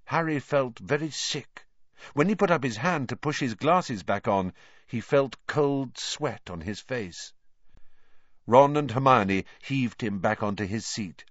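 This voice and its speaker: A man reading an audiobook aloud in a slow, dramatic, expressive way. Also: medium pitch, no room sound, lo-fi sound. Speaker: audiobook reader. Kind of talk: audiobook narration.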